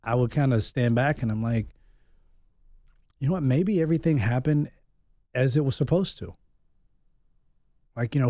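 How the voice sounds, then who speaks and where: A man's voice: mid-range voice, mellow, no room sound. Candid, reflective man, thirties, dry sound. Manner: open, reflective, thinks aloud. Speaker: podcast guest. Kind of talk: candid personal conversation.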